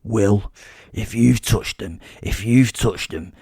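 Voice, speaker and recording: A broken male handler, pleading and strained, his low voice cracking with grief, as a male narrator puts him on. The tone is dark and dry, close to the mic. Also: slow, breathy edge, no room sound, full character voice. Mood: anguished.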